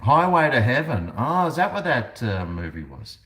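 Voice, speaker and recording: An Australian man hosts a casual livestream from his house, indoors and out on the balcony, rambling with jokey asides and talking to his dog. His voice is medium in pitch, sing-song and a bit bright, at a normal speed. The room is echoey, with faint background noise.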